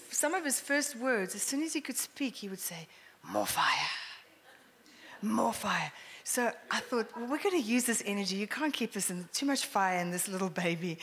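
A middle-aged woman sharing a personal testimony, animated and often laughing, sometimes dropping to a hushed near-whisper. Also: a little high. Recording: echoey hall with faint noise.

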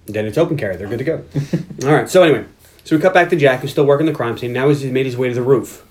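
A man's voice: medium pitch, fast talker. A man hosting a podcast, recapping a film's plot in casual chat and jumping into the characters' lines as he goes. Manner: animated, acts out characters' lines while recapping. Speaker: podcast host.

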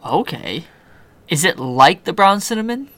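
Bright-voiced, cocky podcast co-host man. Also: high voice, big pitch swings, a little slow, no room sound. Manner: teasing, cocky, laughs a lot. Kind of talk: casual podcast banter.

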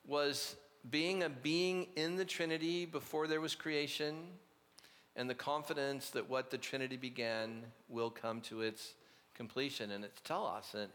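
Conversational preacher in an echoing hall. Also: male voice, mid-range voice, bright, forceful tone. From Orange County, California. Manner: conversational, anecdotal, with frequent asides and restarts. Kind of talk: sermon with storytelling.

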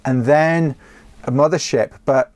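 A man runs a viewer-questions show out of his home office, talking on his own in a relaxed way. He speaks at a measured pace in a fairly high, slightly mellow voice with no room sound, rambling chattily through ums and restarts.

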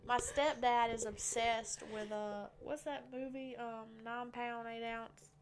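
A woman's voice: on the high side, steady tone, slow. Giggly Southern woman podcast co-host. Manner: giggly, rambling with fillers. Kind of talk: casual chat.

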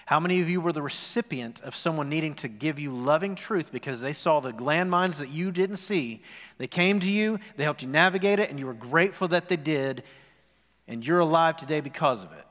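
A man's voice: a little high, brisk, a bit bright. A man in his forties preaching a sermon as pastor, telling a story and asking the congregation questions. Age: 40s. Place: church sanctuary. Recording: long reverb in a worship hall.

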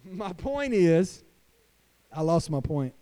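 A man pastor preaching a sermon to fathers, emphatic, swinging between hushed lines and loud declarations. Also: sits high, big pitch swings, slow. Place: church.

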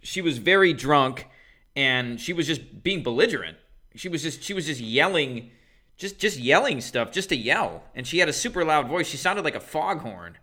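A young man co-hosting a podcast who tells a story in a measured, step-by-step way. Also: fairly high pitch, sing-song, sharp tone. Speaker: podcast co-host. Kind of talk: casual storytelling.

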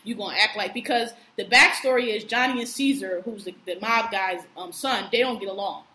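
A woman's voice: fairly high pitch, moderate pace, sharp tone. A woman casually retelling a film's plot, acting out the characters' lines with plenty of swearing. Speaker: podcast co-host recapping a film. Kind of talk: casual storytelling chat. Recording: echoey room with faint noise.

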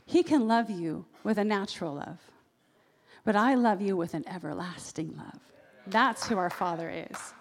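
A woman's voice: medium pitch, moderate pace. Woman preaching in an echoing hall. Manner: animated, acts out quoted voices. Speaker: pastor. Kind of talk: sermon. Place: church sanctuary. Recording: long reverb of a large hall.

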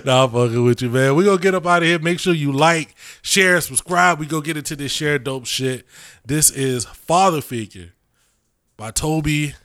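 A man's voice: a little high, normal speed, a bit bright, clean tone. A man co-hosting a podcast in casual chat, talking in slangy, laid-back banter full of fillers. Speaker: podcast co-host.

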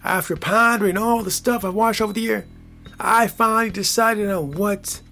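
A man hosting his own podcast, talking casually in a rambling, repetitive, playful way that swings from hushed to excited. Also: sits high, normal speed, gravelly, soft background music. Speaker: podcast host. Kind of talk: casual solo podcast monologue.

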